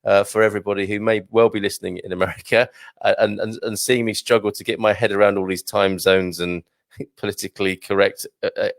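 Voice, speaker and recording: Speaking briskly in a fairly low, flat voice with vocal fry, a British livestream host reads out viewer comments in a small studio. The sound is clean, with no room tone, and he rambles casually, chuckling self-deprecatingly.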